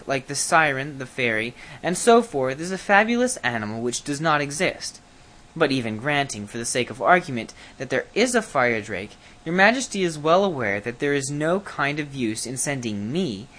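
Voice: medium pitch, big pitch swings, moderate pace, a bit bright. A storybook reader voicing a lazy, smug young prince who speaks with prim, lecturing politeness.

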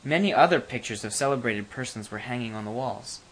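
A narrator reading a fairy tale aloud in an expressive, animated way. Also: mid-range voice, brisk, husky.

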